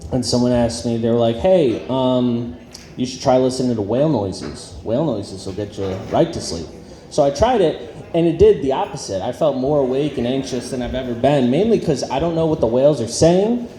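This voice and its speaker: A man's voice: medium pitch, moderate pace, mellow. A man doing an awkward, self-deprecating stand-up set on a club stage, full of ums and trailing off. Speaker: stand-up comedian. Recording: roomy club sound with audience noise. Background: audience laughter.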